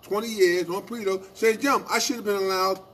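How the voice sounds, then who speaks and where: Husky high-voiced man telling union stories. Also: brisk. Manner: animated storytelling, acting out quoted exchanges, repeated "right?". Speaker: union radio show co-host. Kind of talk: casual union talk radio.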